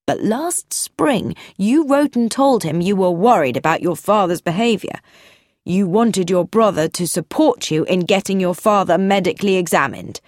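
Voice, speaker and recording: A woman voicing a calm, probing police inspector who questions in a measured, persistent way. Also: medium pitch, dry recording, clean studio sound, lightly acted.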